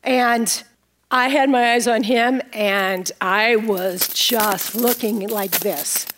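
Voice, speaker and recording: A woman's voice: on the high side, slow pace, fairly bright tone, slight background noise. A middle-aged woman pastor giving a sermon with props and a personal story, playful and laughing at herself.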